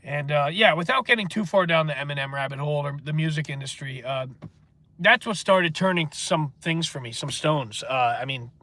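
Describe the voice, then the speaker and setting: A man with a stuffy nose talks in a loose, meandering way, often stopping on filler words. His voice sits a little high for a man and has a bright, forceful edge. He hosts a casual livestream and reads out viewer comments. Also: normal speed. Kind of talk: rambling casual monologue.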